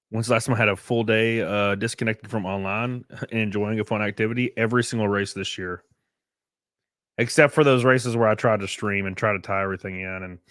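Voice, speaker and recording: A young Southern American man with a lowish, slightly bright voice chats on a live stream, reading viewer comments aloud. His delivery is blunt, profane and rambling, packed with fillers, captured in studio quality with no room sound.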